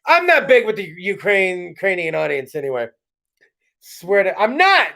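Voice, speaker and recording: A man with a notably high voice hosts a live-streamed comedy podcast from home. He rambles and swears freely, breaks into mock voices mid-story and laughs at his own bits. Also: big pitch swings, normal speed, creaky, bright, forceful tone. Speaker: podcast host. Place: home studio.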